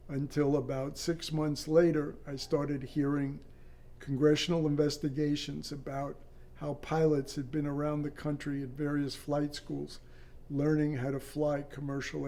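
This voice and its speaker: An older man with a slightly high but mellow voice tells a story from his years as an air traffic controller. He speaks in a halting, matter-of-fact way, restarting phrases as he goes. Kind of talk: recounting a personal story in an interview.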